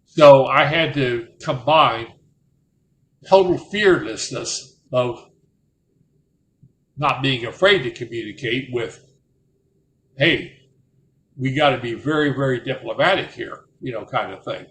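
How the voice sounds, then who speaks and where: A man's voice: mid-range voice, takes it slowly, long pauses, a bit bright. Older guy rambling through old stories, echoey room, little bit of background hum. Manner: rambling, self-interrupting storyteller. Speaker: retired Marine officer telling war stories. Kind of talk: anecdotal storytelling. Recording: roomy with faint ambience.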